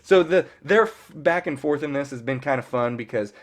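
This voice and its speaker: A man's voice: mid-range voice, normal speed. A man in his thirties casually recapping a TV episode as a fan reviewer, rambling and filling his talk with "you know" and the odd curse word. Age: 30s. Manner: rambling, peppered with "you know" and mild cursing.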